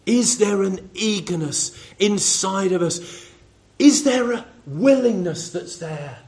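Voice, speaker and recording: A high-pitched man gives a sermon in a chatty, conversational way. He keeps turning to his listeners with rhetorical questions and calls on people by name. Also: expressive, slow pace, a little mellow. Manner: conversational, addressing congregation members by name. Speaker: preacher.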